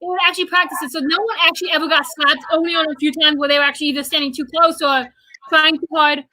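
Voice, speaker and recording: A young woman with a high, bright voice chats excitedly on a livestream, full of ums and likes. The sound is close and dry. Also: dry recording, poor audio. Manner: quick, excited recounting with many fillers. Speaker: guest, theater fan. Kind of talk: casual livestream chat.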